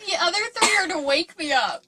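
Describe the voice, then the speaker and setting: A woman's voice: extremely high pitch, lively intonation, fairly quick, very noisy. A young woman, a college student, co-hosting a podcast in casual chat, rambling and giggly with many "like"s and "um"s. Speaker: podcast co-host.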